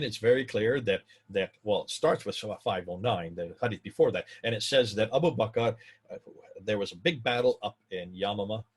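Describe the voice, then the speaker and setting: Emphatic man lecturing, husky voice. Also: fairly low pitch. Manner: emphatic, repeats points, rising to excited peaks; addresses viewers directly.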